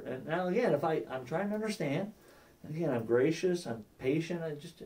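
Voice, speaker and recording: A man leads a church class on sharing faith, with a dark, mellow voice that sits a little high for a man. He talks conversationally and keeps asking the class if they follow. He acts out short quoted exchanges, and he is picked up from a distance in the room. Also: sing-song, fast. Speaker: class teacher.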